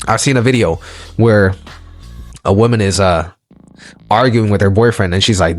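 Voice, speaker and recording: A man's voice: lowish voice, lively intonation, normal speed, soft background music. A man giving a motivational audio lecture, emphatic and preachy, repeating his points for stress. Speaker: lecturer on relationships.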